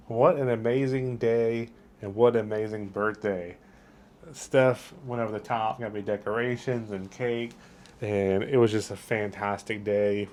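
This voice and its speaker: A man's voice: on the low side, darkish tone, a little hiss or hum. Enthusiastic man vlogging outdoors. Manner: enthusiastic, chatty. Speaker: travel vlogger. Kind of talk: casual vlog narration. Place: outdoors on a town wharf.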